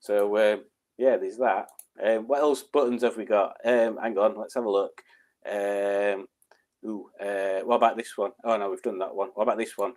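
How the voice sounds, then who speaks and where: A man's voice: fairly low pitch, steady tone, normal speed, darkish tone. Chatty man streaming live. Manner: rambling, chatty, with frequent ums and chuckles. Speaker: live streamer reading chat. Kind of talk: casual live-stream chat.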